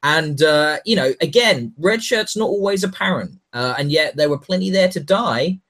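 A man's voice: on the high side, expressive, moderate pace, few pauses, fairly bright tone. A man co-hosting a casual chat, rambling and swearing, often repeating words as he gathers his thoughts.

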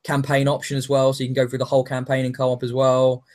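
Man, podcast host; animated, excitable, swears freely, casual game talk. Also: medium pitch, quick pace. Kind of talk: casual chat.

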